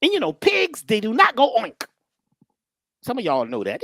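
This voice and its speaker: A woman with a fairly high, lively voice that swings widely up and down gives a casual, story-driven lecture at a moderate pace, speaking directly to the listener. She's animated and conversational, breaking into funny character voices, and the sound is dry and close with no echo.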